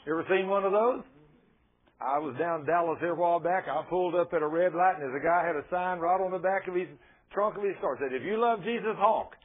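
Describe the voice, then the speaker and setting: A man's voice: high voice, fairly quick. An older man preaching a sermon, telling folksy stories and asking the congregation rhetorical questions. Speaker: pastor. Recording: tinny lo-fi radio broadcast.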